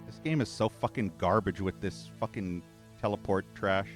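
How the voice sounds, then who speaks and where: A man's voice: lowish voice, moderate pace, faint music behind. A man streaming a video game, complaining and cursing as he plays. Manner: irritated, cursing, ranting. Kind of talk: gameplay commentary.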